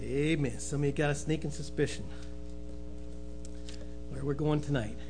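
A man's voice: on the high side, normal speed, creaky, music in the background. A man preaching, telling folksy jokes and calling out amen and brother. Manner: folksy, says "amen" and "brother" often, laughs at own jokes. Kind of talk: joking sermon opening.

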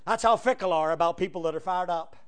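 A male pastor preaching a fiery sermon, swinging from loud cries to hushed asides. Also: high voice, fast, clear, resonant tone.

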